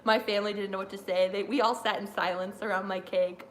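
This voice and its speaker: A woman streamer chatting live during a wrestling watch-along, rambling and excitable with lots of fillers. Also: medium pitch, fast, a little hiss or hum. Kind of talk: live reaction chat.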